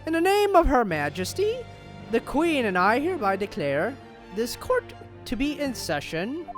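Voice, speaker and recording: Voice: mid-range voice, very animated, moderate pace, soft background music, voice pushed up, close to an everyday voice. A gamer voicing a stately older male judge opening a trial in a formal, ceremonial way.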